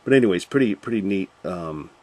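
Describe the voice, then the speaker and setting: A man with a somewhat low voice talks through scripture in a loose, informal way. He rambles and restarts as he thinks aloud, and turns to his viewers directly in a chatty tone. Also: expressive, a little fast, mellow. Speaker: Bible study host. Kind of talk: informal Bible commentary.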